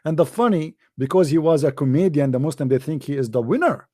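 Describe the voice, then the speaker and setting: A man's voice: on the high side, lively intonation, quick pace, hardly any pauses, mellow, no room sound, clean studio sound. A man giving a scornful, emphatic commentary monologue in non-native English phrasing, repeating phrases and laughing often. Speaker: online religious debater.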